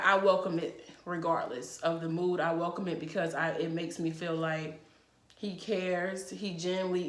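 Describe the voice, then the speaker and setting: A woman's voice: on the low side, a bit bright. A woman talking to camera in a casual advice vlog, blunt, frank and emphatic, with plenty of swearing. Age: adult. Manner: chatty and emphatic. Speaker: vlogger. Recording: echoey room.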